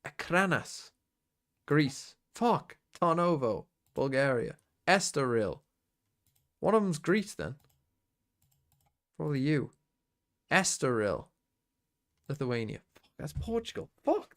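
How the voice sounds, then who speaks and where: A man's voice: on the high side, very animated, slow pace, pauses often. A man streaming, thinking aloud and swearing as he works through a quiz game on his own. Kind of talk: casual muttering while playing a quiz game.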